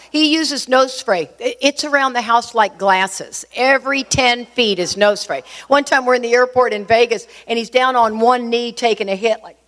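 A middle-aged woman telling a personal recovery story to an audience, in a lively, confiding way that speaks straight to her listeners. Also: fairly high pitch, moderate pace.

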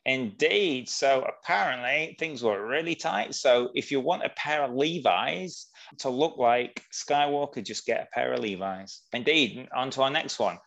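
A man hosting a casual chat, moving briskly through his talking points. His pitch sits in the middle range. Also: animated, creaky, fairly bright tone. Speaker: podcast host.

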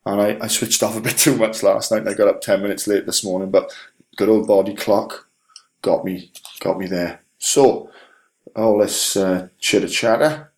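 A middle-aged man with a fairly low voice hosts a podcast in relaxed conversation. He rambles a little, with frequent ums and false starts. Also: normal speed. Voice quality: rambling, with many fillers and restarts. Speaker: podcast host. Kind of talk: casual chat.

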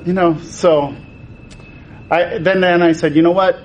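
A man's voice: sits high, steady tone, unhurried, darkish tone, lo-fi sound, a little hiss or hum. A man, a toy designer, telling stories in conversation and acting out the quoted exchanges with changes of voice. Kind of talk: animated storytelling in conversation.

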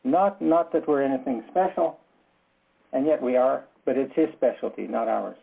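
Brief: man, Bible study leader, gravelly dark husky voice, earnest, halting and direct. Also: medium pitch, poor audio. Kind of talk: candid group Bible discussion.

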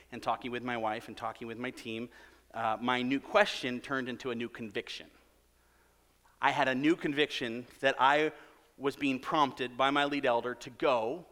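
A man's voice: medium pitch, pushed and bright, long reverb tail. A man in his thirties, a pastor preaching a sermon and telling a self-mocking story with acted-out quotes. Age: 30s.

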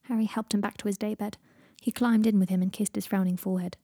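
A woman narrating a fan fiction audiobook in an even, gentle storytelling voice. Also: mid-range voice, fast, no echo, studio quality.

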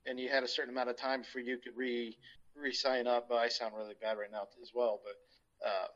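A man's voice: mid-range voice, little pitch movement, brisk, a bit bright. A laid-back man talking casually on a podcast. He laughs easily, and his recording is a touch muffled. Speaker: podcast co-host. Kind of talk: casual chat.

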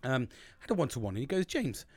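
A British man speaks in a plain, mid-range voice, cursing freely as he rambles through a candid personal monologue. His delivery turns forceful and preachy when he hands out advice, and the recording is dry and close. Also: mid-range voice, lively intonation, moderate pace, no room sound, faint music behind. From United Kingdom. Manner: blunt, sweary and rambling, with frequent restarts; gets emphatic and preachy when giving advice. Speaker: vlogger.

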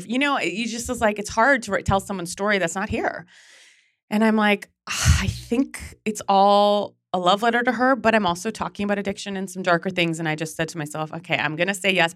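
A woman in her thirties, a podcast guest and memoir author, telling personal stories in a chatty, animated way with casual swearing. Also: mid-range voice, no room sound, clean studio sound. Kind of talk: candid storytelling.

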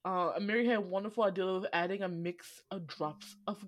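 A woman's voice: fairly low pitch, normal speed, hardly any pauses, no room sound. Profane, laughing woman recapping a movie. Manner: profane, animated, laughs often. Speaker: podcast host.

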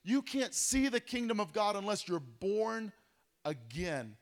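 High-voiced animated male pastor. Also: unhurried. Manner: animated, asks rhetorical questions, dramatic drops to a hush. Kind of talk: Bible study teaching.

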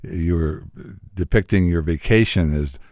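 A man's voice: low-pitched, a little slow, darkish tone, no echo, studio quality. A man hosting a casual interview, asking hesitant questions with many fillers. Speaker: podcast host.

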